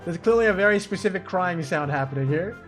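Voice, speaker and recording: A woman's voice: lowish voice, expressive, quick pace. Brief: laid-back woman let's-player, wisecracking, music bed under. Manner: joking, laughs at the game, swears. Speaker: gaming streamer. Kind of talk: casual let's-play commentary. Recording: game music playing behind.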